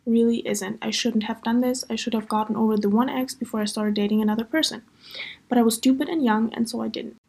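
A woman's voice: on the high side, steady tone, quick pace, creaky, darkish tone, husky. A young woman hosting a podcast, chatting casually through a personal story with lots of fillers. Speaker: podcast host.

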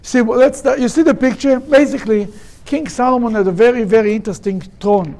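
Casting note: a man, very high voice, animated Torah teacher who acts out quotes and restarts his sentences. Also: fairly quick. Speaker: rabbi teaching a study group. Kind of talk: Torah study class.

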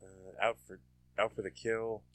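A man in casual chat, recalling details haltingly and repeating words. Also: lowish voice, level tone, a bit bright, no room sound, soft background music.

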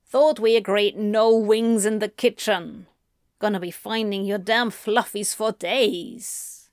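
A sardonic male demon from an audiobook story, drawling his lines in a cool, unhurried, sweary way, read by a woman. The delivery is slow and dry, recorded close with no echo. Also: medium pitch, fairly even intonation. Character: grumpy, blunt male demon, sarcastic and dry.

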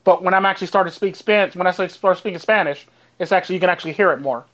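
A man from Costa Rica chatting casually on a panel, fast and full of "actually" and "basically". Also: high voice, a bit bright, muffled recording. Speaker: host.

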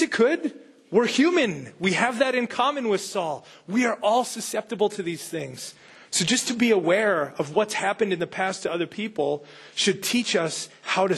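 Husky-voiced man preaching casually. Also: sits high, a bit bright. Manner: conversational, rhetorical questions, frequent "like" and "right?". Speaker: pastor. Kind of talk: sermon.

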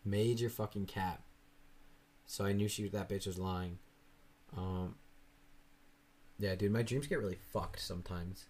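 A man's voice: lowish voice, a little slow, pauses often, a little mellow. A young man in casual chat, telling rambling stories full of fillers and swearing. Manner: rambling storytelling, swears a lot, frequent fillers.

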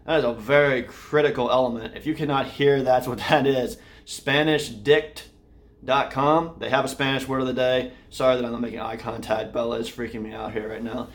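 A man's voice: medium pitch, little pitch movement, fast, hardly any pauses. A man from the Austin, Texas area hosting a casual daily vlog, rambling with many fillers and restarts. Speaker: vlogger and podcast host. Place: home room, indoors.

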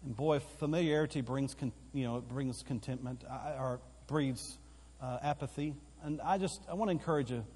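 A man's voice: mid-range voice, normal speed, few pauses, darkish tone, breathy edge. A man preaching a sermon as pastor in a church auditorium, with emphatic repetition that builds in force. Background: live congregation hall.

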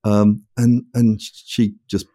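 A man's voice: fairly low pitch, flat delivery, takes it slowly, mellow. A man guesting on a podcast, telling self-deprecating stories in a casual chat and laughing often.

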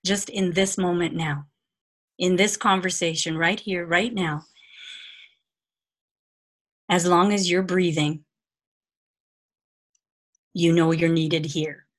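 A woman guest giving spiritual advice in a measured, soothing way, repeating words for emphasis. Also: on the low side, fairly even intonation. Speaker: podcast guest, spiritual teacher. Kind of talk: calm guidance in conversation.

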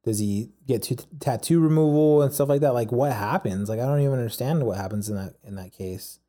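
A man's voice: medium pitch, fairly quick, dark tone. A man co-hosting a podcast in casual chat, chatty and full of questions. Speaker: podcast co-host.

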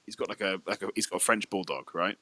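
Sweary bloke telling stories. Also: male voice, low-pitched, fast talker, no room sound. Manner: sweary, animated storytelling. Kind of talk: casual chat.

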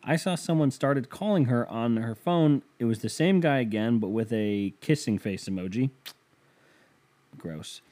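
A man's voice: mid-range voice, animated, measured pace, dark tone. A man hosting a casual solo podcast, rambling and swearing freely while reading listener emails, from the United States. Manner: profane, rambling, sarcastic. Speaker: podcast host.

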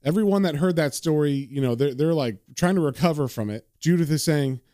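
Brief: casual male comic narrator, chatty, fairly high voice, dry sound. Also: brisk, dark tone, no echo. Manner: chatty, with fillers. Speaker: comic book reader.

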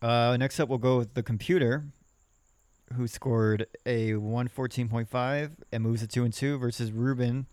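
Smooth-voiced man reading fantasy scores. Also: mid-range voice, fairly even intonation, darkish tone, no echo. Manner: reads scores in quick list form. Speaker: podcast co-host. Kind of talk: casual fantasy football recap.

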